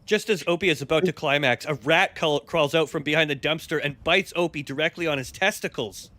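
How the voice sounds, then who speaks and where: Bright man narrating role-play. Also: on the high side, brisk. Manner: storytelling, breaks into laughter. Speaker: streamer guest.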